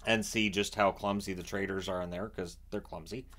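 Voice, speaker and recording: A man from Canada chatting casually about a reality show he watches, animated and often restarting his sentences. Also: deep voice, brisk. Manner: animated, acts out quotes in raised voice; repeats and restarts words often. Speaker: vlogger. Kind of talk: casual chat.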